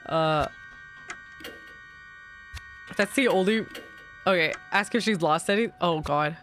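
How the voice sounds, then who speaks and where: Bright-voiced woman streaming a game. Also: lowish voice, moderate pace, soft background music. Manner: chatty, reacts aloud while reading narration. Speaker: gaming streamer. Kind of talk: let's play commentary and reading.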